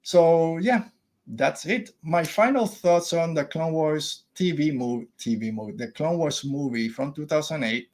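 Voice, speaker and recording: A man's voice: fairly high pitch, measured pace, darkish tone. A man, a father in his thirties, hosting a podcast and giving blunt, opinionated takes in a casual review. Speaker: podcast host.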